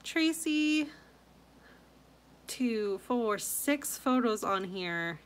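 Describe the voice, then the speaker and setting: A woman hosting a scrapbooking channel, chatting casually and gushing over viewers' layouts, with frequent soft asides. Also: on the high side, expressive, extremely slow.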